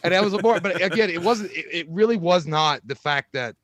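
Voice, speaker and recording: A man co-hosting a podcast, telling animated, profanity-laced stories in casual chat. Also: high-pitched, brisk, no echo. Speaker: podcast co-host.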